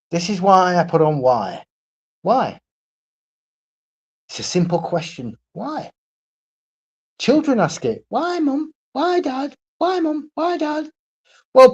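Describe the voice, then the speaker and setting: A man's voice: mid-range voice, a little mellow, slightly rough. A man ranting on his own live stream, blunt and profane, repeating himself and asking "right?" again and again. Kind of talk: solo livestream rant.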